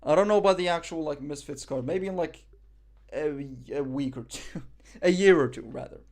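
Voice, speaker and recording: Young Moroccan streamer, man, slightly high voice, loose self-deprecating banter. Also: normal speed, a little mellow. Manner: joking, self-mocking banter. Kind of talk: casual live-stream chat.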